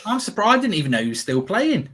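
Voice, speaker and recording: A man's voice: sits high, sing-song, fast, fairly bright tone, slightly rough. A man hosting a casual football watchalong, talking in a rambling, chatty way and reading out viewer comments. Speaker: watchalong host.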